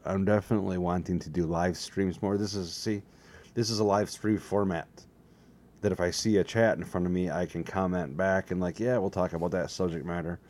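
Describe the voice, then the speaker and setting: A slightly hoarse man with a very low, mellow voice talks alone at his desk to his webcam. He rambles from topic to topic, teasing himself in a loose, jokey way. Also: fairly even intonation, moderate pace. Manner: self-mocking, jokey, drifts between topics. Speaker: solo vlogger. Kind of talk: rambling casual monologue to camera. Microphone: desk setup facing a webcam.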